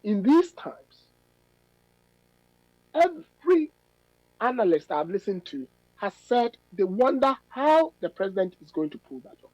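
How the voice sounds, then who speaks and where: A middle-aged academic man, giving measured, analytical radio interview answers with emphatic stresses. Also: high voice, sing-song, a little mellow, no room sound, low-quality recording. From Ghana. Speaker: policy fellow and academic guest.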